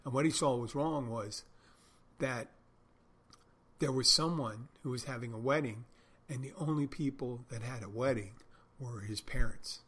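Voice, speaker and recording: Rambling husky-voiced man telling bar stories. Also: medium pitch, normal speed, a bit bright. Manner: rambling, self-correcting, wry. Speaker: podcast host, bartender. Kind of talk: casual monologue storytelling.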